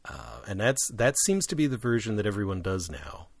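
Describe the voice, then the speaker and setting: A man co-hosting a podcast, chatting casually and with animation about musicals, with quick jumps up in pitch for asides. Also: big pitch swings, creaky, no room sound. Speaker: podcast co-host.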